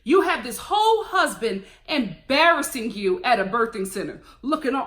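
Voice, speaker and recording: A woman's voice: fairly high pitch, moderate pace, few pauses. A woman giving a casual reality-TV review as a vlogger, talking in a sassy, opinionated way. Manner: sassy, animated, opinionated ranting with laughs. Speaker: TV recap vlogger.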